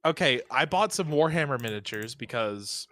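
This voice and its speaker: A man's voice: mid-range voice, expressive, moderate pace, bright, forceful tone. A man chatting casually at a tabletop game session, brash and swearing in banter. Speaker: player.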